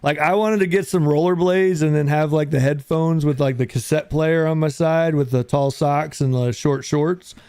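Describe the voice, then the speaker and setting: A man hosting a live audio chat room, talking in a relaxed, rambling way, often saying "dude" and greeting listeners by name as they join. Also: on the high side, normal speed, hardly any pauses, clear, resonant tone, no echo, studio quality. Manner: laid-back, rambling, says "dude" a lot. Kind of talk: casual chat.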